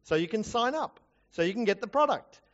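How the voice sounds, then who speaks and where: A man's voice: high voice, lively intonation, brisk, a bit bright, highs cut off. A man preaching a sermon in an earnest, conversational way with self-deprecating asides, recorded in a church. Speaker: preacher, Bible college teacher.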